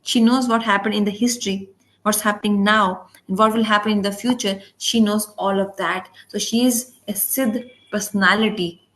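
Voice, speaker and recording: A woman's voice: medium pitch, steady tone, normal speed, fairly bright tone. Woman teaching a devotional class, storytelling, keeps cutting off and restarting words. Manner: storytelling, acts out quoted speech; frequent restarts and self-corrections. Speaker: spiritual teacher.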